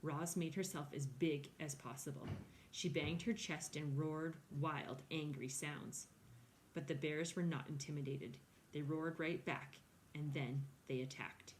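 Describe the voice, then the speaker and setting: A woman reading a children's novel aloud in a clear, steady storytelling manner. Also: low voice, measured pace, a little hiss or hum. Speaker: reader.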